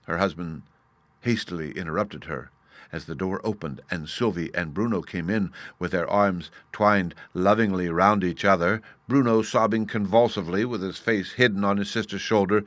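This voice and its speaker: Low-voiced male storybook narrator. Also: normal speed, fairly bright tone, no echo. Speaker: audiobook narrator.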